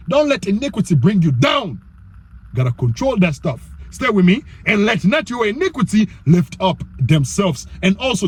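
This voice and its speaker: A man teaching the Bible informally, slangy and repetitive, slowing down to read verses and growing loud and excited. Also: high voice, breathy edge. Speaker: online preacher.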